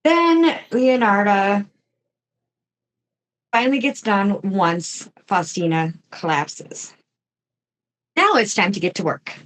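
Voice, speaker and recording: Slow, chatty woman telling a crime story. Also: mid-range voice, rough recording. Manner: chatty, jokey asides while telling a grim story. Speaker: podcast host. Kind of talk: casual true crime storytelling.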